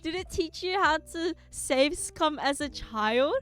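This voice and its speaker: A woman's voice: high voice, expressive, slow pace, a bit bright. Chatty giggly young woman streamer. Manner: chatty and rambling, with frequent giggles. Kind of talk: casual live-stream chat.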